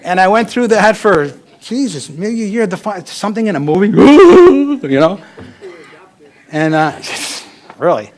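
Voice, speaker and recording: A man's voice: sits high, very animated, unhurried. A middle-aged American man giving a talk as an author, telling personal stories in a candid, rambling way with asides.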